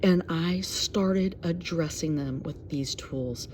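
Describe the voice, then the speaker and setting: A woman's voice: fairly low pitch, takes it slowly, darkish tone, slight background noise. A middle-aged woman sharing a personal story in an earnest, reflective way, with many fillers, as a mental health advocate.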